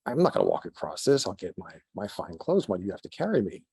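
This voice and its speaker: A man voicing a haughty, indignant wealthy merchant who yells at his servants. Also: lowish voice, big pitch swings, quick pace, gravelly, breathy edge, exaggerated voice. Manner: indignant, yelling. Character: haughty rich male merchant, angry.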